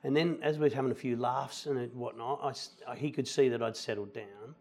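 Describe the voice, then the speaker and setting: A middle-aged man, a musical theatre actor chatting as a guest and telling animated anecdotes. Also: mid-range voice, brisk, gravelly. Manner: animated anecdotes, quotes people in lively voices. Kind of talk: relaxed storytelling conversation.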